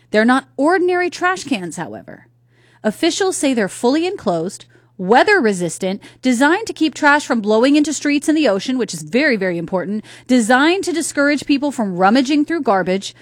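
A chatty woman radio host talks straight to her listeners in a fairly high voice, often tossing questions at them. The studio sound is close and dry. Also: no room sound. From North Carolina. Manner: chatty, conversational, asks the audience questions. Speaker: radio talk show host. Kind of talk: solo radio talk commentary. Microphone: studio microphone.

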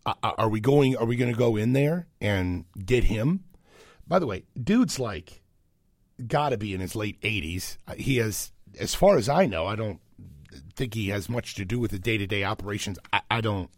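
A man's voice: lowish voice, vocal fry, no echo. A man hosting a talk radio show, talking conversationally into a studio microphone with lots of filler uhs and bursts of disbelief. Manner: conversational, many filler uhs, incredulous outbursts.

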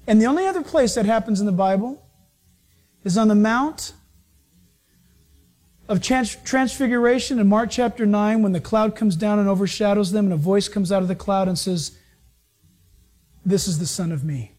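A woman preaching a sermon in a mid-range voice. She leans on words with quiet low emphasis, then lifts into raised, lively bursts. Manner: emphatic, swinging between soft low asides and raised bursts.

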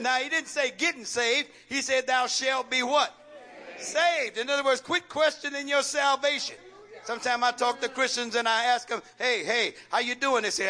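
Male pastor, very high voice, sharp tone, call-and-response sermon with teasing rhetorical questions. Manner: preacher's rhetorical questions, coaxing and joking. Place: church sanctuary with congregation.

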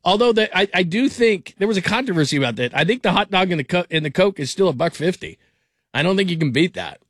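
A man hosts a late-night sports talk radio show, rambling, restarting his sentences and laughing often. His voice is high-pitched and a bit bright. It's captured on a studio microphone with a dry, close sound and no echo.

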